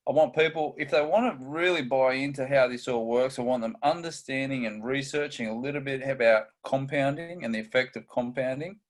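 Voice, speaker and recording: A man's voice: medium pitch, a little fast, hardly any pauses. Chatty man steering a podcast. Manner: energetic, steers topics, chatty asides. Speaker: co-host. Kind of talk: casual podcast chat.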